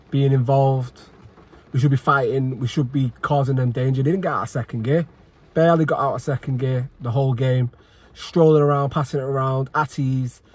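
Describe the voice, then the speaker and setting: A man's voice: medium pitch, darkish tone. A man giving an angry post-match reaction, frustrated and sweary, repeating himself and sighing. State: agitated. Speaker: football fan channel host.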